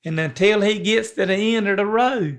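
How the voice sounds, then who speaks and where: A man's voice: high-pitched, normal speed, a bit bright. An older man, co-hosting a podcast in a rambling, folksy way. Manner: rambling, folksy, many restarts. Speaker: podcast co-host. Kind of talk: casual chat.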